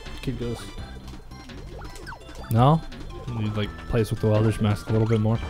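A man's voice: on the low side, little pitch movement, normal speed, darkish tone, faint music behind. A man co-hosting a casual gaming video, rambling through long jokes and laughing at his own punchlines. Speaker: let's play co-host.

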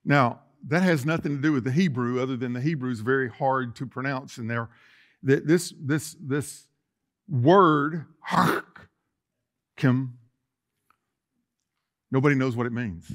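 A middle-aged man preaching a sermon in a church, folksy and joking, building to loud emphatic passages. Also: mid-range voice, slow, long pauses. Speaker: pastor. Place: church sanctuary.

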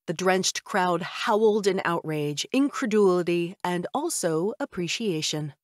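A woman's voice: on the low side, lively intonation, a little slow, dry recording, studio quality. A woman narrating a first-person audiobook in a wry, conversational way.

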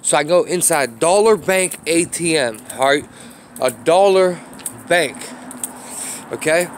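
A man talks into his phone as he walks outdoors, with faint street noise around him. His voice sits a little high, and he rambles through a long story, swearing often and stopping to apologize about his surroundings. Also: lively intonation, takes it slowly. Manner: rambling, profane, apologetic asides. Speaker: vlogger. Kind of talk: casual rant while walking.

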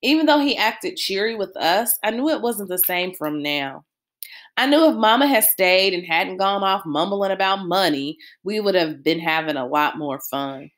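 A woman reading a novel aloud with expressive storytelling. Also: mid-range voice, moderate pace. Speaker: reader.

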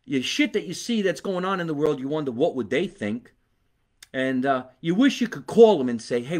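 Rambling, blunt New Jersey man. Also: high-pitched. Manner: rambling, blunt, swears freely. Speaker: comedian host. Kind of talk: casual live-stream monologue. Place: home basement.

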